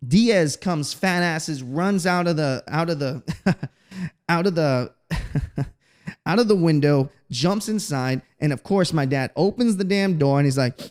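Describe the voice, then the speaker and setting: A man's voice: a little high, unhurried. Slangy, profane man telling stories. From Texas. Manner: profane, slangy, animated storyteller. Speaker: podcast host. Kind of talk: casual storytelling monologue.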